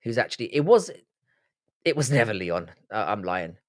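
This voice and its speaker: This Cork streamer is a young man with an Irish accent, chatting casually on a livestream as he responds to viewer comments, blunt, full of swearing and prone to rambling. His pitch sits fairly low, swings widely, and his pace is moderate.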